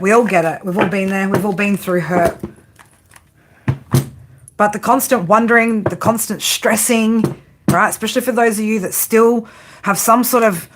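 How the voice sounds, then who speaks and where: A woman giving a tarot reading, blunt and profane, often tagging her points with a quick "right?". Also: mid-range voice, background noise. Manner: frank tough-love delivery. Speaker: tarot reader.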